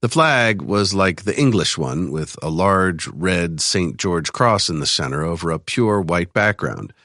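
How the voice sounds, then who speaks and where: Male thriller narrator with an extremely deep voice, recorded in a dry studio. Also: expressive, a little slow, fairly bright tone, no room sound. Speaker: audiobook narrator.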